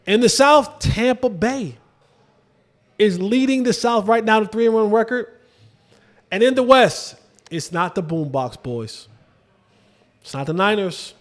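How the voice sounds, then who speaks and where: Man, sports show host, high voice, casual football talk, rhetorical questions, emphatic low asides. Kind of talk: casual football commentary to camera.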